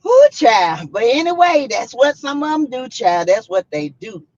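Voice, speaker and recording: Dry, dull audio carries this Southern-accented woman's fairly high voice at an unhurried pace. As a vlogger hosting a relaxed chat, she tells her story with drama and animation, performing each quote.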